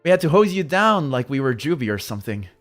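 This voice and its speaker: A man's voice: on the high side, very animated, fast talker, faint music behind. A man voicing a playful young male dungeon master in a game, teasing a childhood friend. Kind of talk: reading a game's dialogue aloud.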